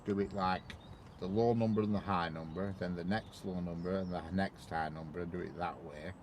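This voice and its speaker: Man, lower voice, loose rambling live-stream chat with viewers. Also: fairly even intonation, moderate pace, darkish tone, a little hiss or hum. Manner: rambling, chatty, greets viewers by name. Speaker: train-spotting live streamer.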